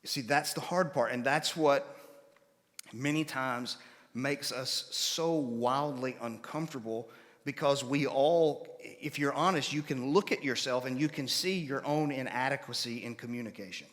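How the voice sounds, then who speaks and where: A man of middle pitch gives a conversational sermon, explaining each point patiently. He stops now and then to ask his listeners whether they follow. His voice carries the long reverb of a church hall. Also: a little slow, a bit bright. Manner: explains patiently, checks in with listeners by asking questions. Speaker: preacher. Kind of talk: conversational Bible-class sermon.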